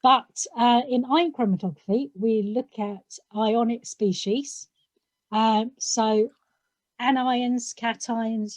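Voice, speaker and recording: A middle-aged woman from South London, an analytical chemist, explaining her work on a video call in a relaxed way with frequent ums. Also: on the high side, no echo. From South London, England.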